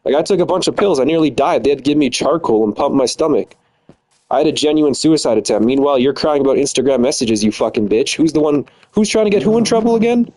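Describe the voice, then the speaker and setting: A man's voice: medium pitch, animated, quick pace, darkish tone, rough recording. A man in his twenties delivers a heated, profane rant. His talk is bitter and loose, full of insults and repetition. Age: 20s. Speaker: streamer. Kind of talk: angry casual rant.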